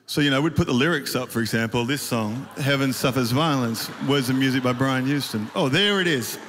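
On a large auditorium stage, a worship leader gives a casual, rambling conference talk full of fillers and self-deprecating asides. His medium-pitched, somewhat bright voice moves a little fast. The reverberant hall adds faint ambience and a little hiss or hum.

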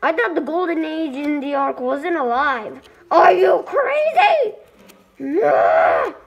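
A woman's voice: high-pitched, big pitch swings, unhurried, muffled recording, heavily acted. A woman voicing a proud male robot ship builder who feels betrayed, speaking in an indignant, accusing way in a homemade stop-motion toy movie.

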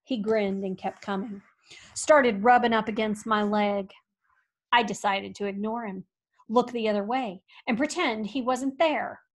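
A woman reading a storybook aloud in a folksy, expressive way that swings from hushed to loud. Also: medium pitch, a little slow. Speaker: audiobook reader. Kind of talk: storybook narration.

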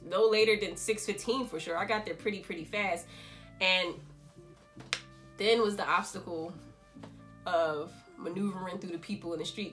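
Chatty New woman telling a story. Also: fairly low pitch. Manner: animated, chatty storytelling full of quoted asides. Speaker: fashion designer. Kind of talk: casual storytime vlog.

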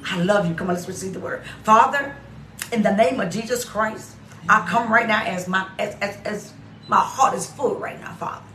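A woman's voice: medium pitch, moderate pace, bright, forceful tone, a little hiss or hum. A woman pastor preaching an exuberant sermon, laughing often and repeating her phrases over and over. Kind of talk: lively sermon. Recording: echoey room, off mic.

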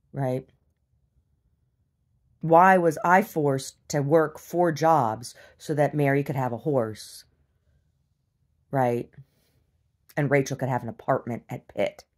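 Low-pitched woman, casual video diary rant, blunt and profane, mocks people in silly voices. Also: slow, long pauses, darkish tone. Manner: blunt, profane, exasperated venting; mocks others in exaggerated voices. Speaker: video diarist.

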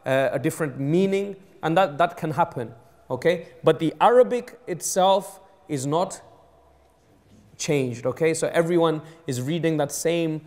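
Man, London accent, mosque sermon, fairly high voice, keeps asking "okay?". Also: measured pace, a little mellow. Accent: London English. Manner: conversational teaching, frequent "okay?" checks with the audience; switches into Urdu and Arabic phrases. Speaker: imam giving a mosque talk. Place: mosque hall.

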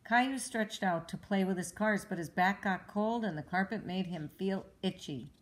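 A woman reading a children's storybook aloud at home, with clear, even, expressive narration. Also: mid-range voice, moderate pace. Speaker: storybook reader.

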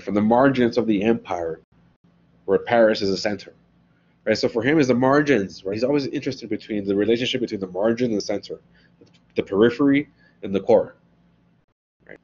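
A man with a fairly low, slightly mellow voice talks through a philosophy lecture in a relaxed manner, frequently asking "right?" The dull, lo-fi classroom recording carries a little hiss or hum.

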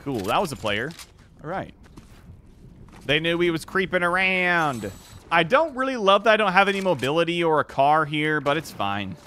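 A man giving excitable, reactive live commentary on his own gameplay, swearing freely. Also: a little high, normal speed, slight background noise. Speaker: gaming YouTuber. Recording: game gunfire in the background. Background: video game gunfire and clicks.

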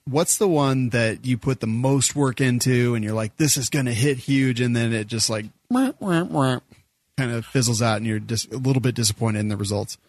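Chatty podcast host, dry close mic. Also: male voice, mid-range voice, fairly even intonation, brisk, few pauses, darkish tone, no room sound. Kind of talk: casual podcast chat.

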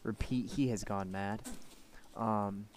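A man's voice: on the low side, fairly even intonation, slow, over a noisy crowd. A young man streaming a survival game, swearing freely and bantering with his friend and chat in exasperated disbelief. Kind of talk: casual gameplay chat.

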